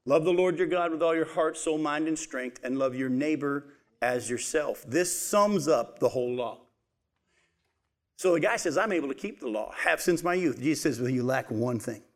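A man's voice: fairly high pitch, lively intonation, moderate pace. A man preaching a sermon, asking his listeners questions and then answering them himself, and calling them folks.

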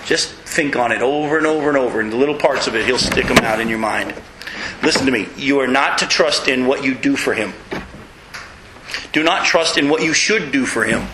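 A man preaching a sermon in a folksy, emphatic way, with self-mocking humor and sudden high leaps in pitch to stress his points. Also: a little fast, echoey room, noisy background. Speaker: pastor.

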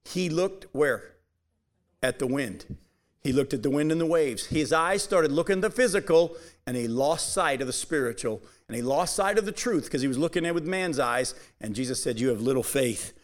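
Guy preaching a bible study sermon, pretty high voice, talks right to the folks in the pews. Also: animated. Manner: addresses the congregation directly, reads scripture aloud with slow emphasis. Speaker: pastor. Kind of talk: expository Bible teaching sermon.

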